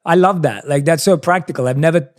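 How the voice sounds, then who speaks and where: A man's voice: fairly high pitch, quick pace. A man hosting a podcast, summing up advice with enthusiasm and speaking straight to his listeners. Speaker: podcast host. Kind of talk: casual interview chat.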